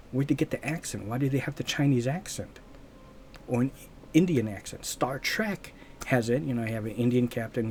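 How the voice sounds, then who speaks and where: A man talks straight to his audience in a loose, unscripted monologue. His voice is warm and mellow at an ordinary middle pitch. He rambles, restarts his sentences and stops to hunt for the word he wants. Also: slight background noise. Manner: rambling, restarts often and searches aloud for words. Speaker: channel host.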